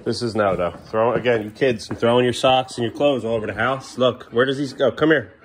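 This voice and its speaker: A man's voice: medium pitch, a little fast, slight background noise. A father in a casual family vlog at home in the kitchen, coaxing his children and then getting firm with them, while turning to the camera for chatty asides. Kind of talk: family vlog narration while caring for kids.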